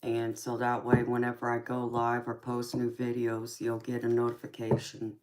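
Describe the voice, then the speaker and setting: Very noisy audio carries a rumbling low woman's voice with a completely flat delivery at normal speed. A tarot reader from California by way of Georgia, she hosts a live stream where she chats casually in a Southern accent, laughs a lot, and calls people honey and sweetheart.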